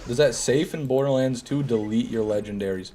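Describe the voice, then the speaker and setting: A man's voice: mid-range voice, fairly quick, dark tone. A man streaming a game, chatting casually and joking while he answers viewers' chat. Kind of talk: casual gameplay commentary, reading chat.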